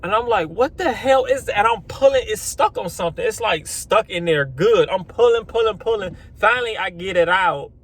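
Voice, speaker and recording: A man vlogs outdoors about his lawn care work. His voice sits high for a man, and he talks casually. He rambles, swears, and acts out his own shocked reactions. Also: expressive, moderate pace, few pauses, a bit bright. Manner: swears then apologizes. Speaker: lawn care business owner. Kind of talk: casual vlog storytelling.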